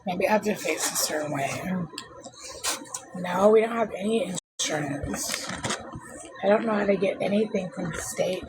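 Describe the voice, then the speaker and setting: A woman's voice: fairly low pitch, moderate pace, long pauses. A woman livestreaming casually from her phone, rambling and complaining in an exasperated way. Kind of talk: casual live-stream chat. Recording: noisy background hum.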